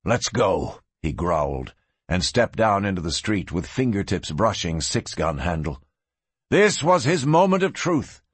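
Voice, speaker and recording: A man giving a measured, scripted audiobook narration of a western story. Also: mid-range voice, slightly rough, dry recording.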